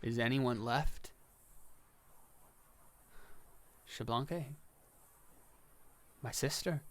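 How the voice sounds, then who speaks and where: A man's voice: mid-range voice, takes it slowly, lightly acted. A man voicing Quetzalcoatl, a fallen male god who is grieving, speaking in broken, tearful pleas in a tabletop game. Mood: desperate.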